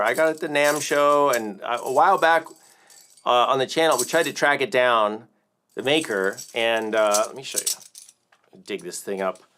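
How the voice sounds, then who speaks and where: An American man from the United States hosts a casual music livestream and also teaches drums. His mid-range voice is fairly bright, with a little hiss or hum in the audio, and he rambles and jokes with lots of fillers, restarts and self-corrections.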